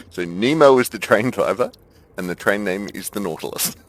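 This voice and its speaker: A man's voice: on the low side, expressive, normal speed. A man streaming a game, chatting casually, thinking aloud and laughing often. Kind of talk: casual gameplay chat.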